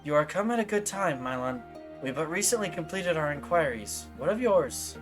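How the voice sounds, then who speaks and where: A man's voice: on the high side, lively intonation, moderate pace, over music, natural voice. A man voicing a proud, grave older warrior in a game, speaking in a formal, solemn, old-fashioned way.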